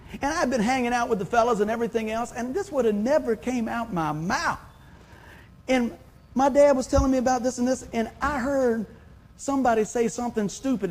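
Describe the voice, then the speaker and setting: Brief: fifties male pastor, folksy sermon delivery, raised pitch, husky tone. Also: a little mellow. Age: 50s. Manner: folksy, calls for amens, acts out anecdotes.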